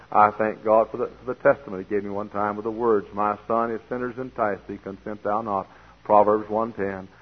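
Captured on a tinny, lo-fi old recording, a pastor with a fairly low, slightly husky voice gives a folksy sermon in church, occasionally rising to loud, emphatic preaching.

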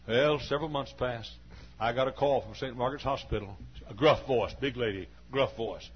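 A man's voice: medium pitch, normal speed. Folksy preacher in his forties. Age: 40s. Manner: folksy, chatty, full of "uh" fillers. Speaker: pastor. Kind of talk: storytelling sermon. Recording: dull lo-fi recording with faint hum.

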